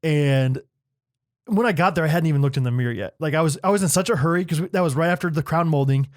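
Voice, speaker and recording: A young man co-hosting a casual podcast, telling a story in an animated way and laughing often. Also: fairly high pitch, quick pace, dry recording, clean studio sound. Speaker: podcast co-host. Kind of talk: casual chat.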